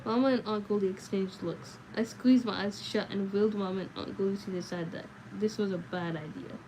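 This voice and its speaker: A woman reading a novel aloud on a livestream, in a steady way with small slips and self-corrections. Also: mid-range voice, a little fast, slight background noise, low-quality recording. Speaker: livestream book reader.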